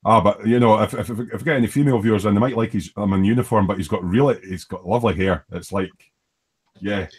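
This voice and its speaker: A man's voice: fairly low pitch, fast, a little mellow, husky. A man with an Edinburgh Scottish accent hosting a live online hangout, chatting casually and reading out viewer comments with teasing, rambling asides. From Scotland.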